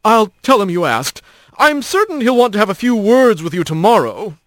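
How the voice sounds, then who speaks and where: A man's voice: high voice, sing-song, normal speed, a bit bright, dry recording, pitched above the performer's own voice. A man voicing a young male hawk, a pompous and sneering gatekeeper type. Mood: snide.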